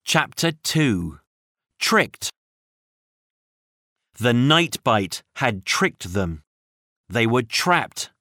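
A narrator reading a children's audiobook with slow, expressive storytelling. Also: mid-range voice, no echo, clean studio sound.

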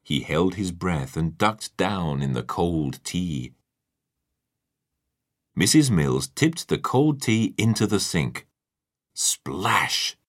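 Deep-voiced guy reading a kids story, slow and animated. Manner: slow, lively and expressive. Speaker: narrator.

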